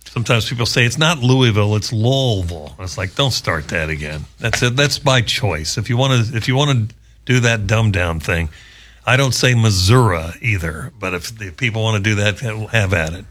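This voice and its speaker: A man's voice: lowish voice, lively intonation, normal speed, fairly bright tone, a little hiss or hum. A male radio show host, chatting casually in a rambling, joking way with wry asides. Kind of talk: casual chat.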